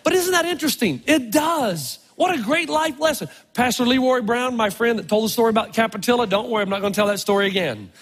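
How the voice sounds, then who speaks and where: A middle-aged man preaching a storytelling sermon as a pastor, animated, dropping to a hush and then rising loud for emphasis. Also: very high-pitched, fast, hardly any pauses, breathy edge. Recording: long reverb in a large hall.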